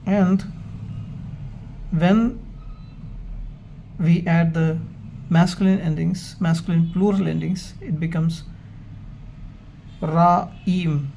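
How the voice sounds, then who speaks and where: A man teaching Hebrew grammar in a slow, measured way, explaining step by step with pauses. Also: a little high, fairly even intonation, creaky, dark tone, slight background noise. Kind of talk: slow, methodical grammar lesson.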